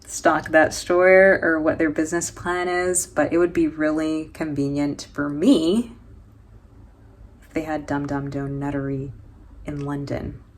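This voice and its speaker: A woman's voice: low-pitched, little pitch movement, unhurried. A woman from New York with an American accent, chatting casually in a travel vlog, joking and laughing often with plenty of fillers. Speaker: travel vlogger.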